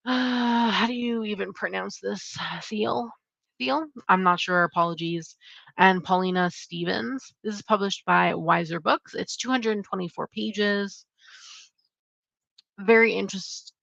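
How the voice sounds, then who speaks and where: A woman's voice: medium pitch, creaky, fairly bright tone, no room sound. A young adult woman hosting her channel, casually chatting through upcoming book releases in a rambling way with lots of fillers. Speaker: channel host. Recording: dull lo-fi sound.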